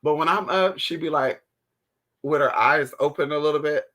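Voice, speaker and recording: A man hosting a casual livestream, answering viewer chat in a sassy, animated way, calling his viewers honey and swearing freely. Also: fairly high pitch, normal speed. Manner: theatrical outbursts while retelling stories.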